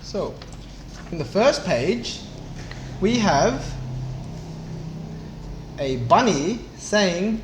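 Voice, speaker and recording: High male voice, slow clear read-aloud, children's English teacher, echoey room. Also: big pitch swings. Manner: slow and clear, with small voices for the book's characters. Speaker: English teacher reading a storybook. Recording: echoey room, faint background noise.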